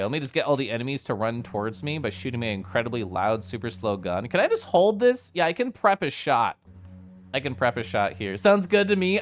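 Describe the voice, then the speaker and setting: A streamer casually chatting with viewers while playing a game, giggly and playful. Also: mid-range voice. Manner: giggly, playful, talking to chat. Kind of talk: casual live-stream gameplay chat. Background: faint game music.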